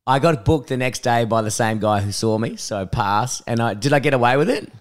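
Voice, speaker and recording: An Australian man co-hosting a casual podcast chat, telling rambling stories full of swearing and acted-out quotes, his voice a bit rough. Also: medium pitch, lively intonation, a little fast. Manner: rambling storyteller, swears often, acts out quotes. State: voice rough from vomiting. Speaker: podcast co-host.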